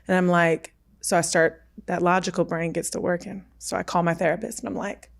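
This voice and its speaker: A woman's voice: fairly low pitch, little pitch movement, fairly quick, gravelly. A woman in her thirties, a podcast guest, telling a personal story vividly and acting out the dialogue she quotes.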